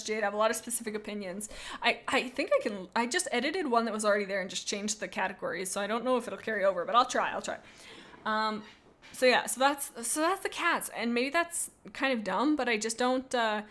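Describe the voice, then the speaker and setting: A woman's voice: on the high side, fairly bright tone. A young adult woman streaming live, chatting casually and rambling as she reads chat aloud.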